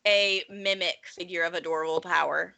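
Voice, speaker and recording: Bright-toned woman reading stuff out to her gaming friends, excited. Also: on the low side, moderate pace, vocal fry. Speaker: tabletop game player. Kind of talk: casual chat.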